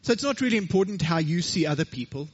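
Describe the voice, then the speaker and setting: A man preaching a sermon, an animated storyteller with chatty asides, in a church hall. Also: fairly high pitch, fast, breathy edge, muffled recording. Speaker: pastor.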